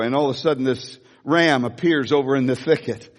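A man's voice: mid-range voice, fairly quick. A male pastor preaching a sermon, telling stories animatedly with emphatic repetition and frequent laughter. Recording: long reverb of a large hall.

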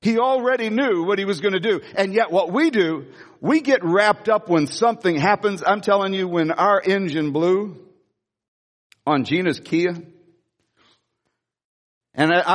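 A male pastor with a high, bright voice preaches in a large sanctuary, his words trailing off into a long hall reverb. He tells stories with animated energy, laughs often and repeats key phrases for emphasis. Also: normal speed. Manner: animated storytelling with frequent laughs and emphatic repetition. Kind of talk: sermon.

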